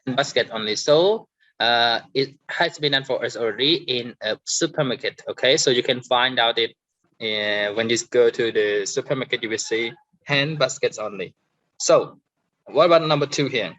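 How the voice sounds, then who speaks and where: A man with a Cambodian accent teaching an English lesson, hesitant with many fillers, saying sample words louder to show stress. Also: mid-range voice, moderate pace, dull audio. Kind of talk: online grammar and pronunciation lesson.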